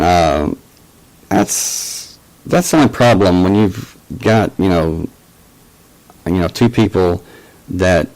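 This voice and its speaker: A man's voice: sits low, a little mellow, rough recording. A man casually telling a personal story as a channel host, hesitant, with many fillers and restarts.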